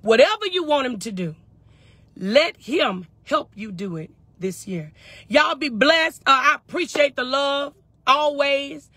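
A woman's voice: high voice, expressive, unhurried, sharp tone, no echo. A woman fervently on a phone live stream from her parked truck, answering viewers' comments in call-and-response. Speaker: faith and wellness livestream host.

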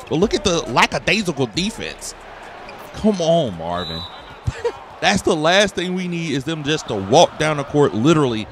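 A man giving excited, trash-talking play-by-play commentary over his own basketball video game session. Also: on the high side, slight background noise. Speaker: gaming video creator. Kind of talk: gameplay commentary.

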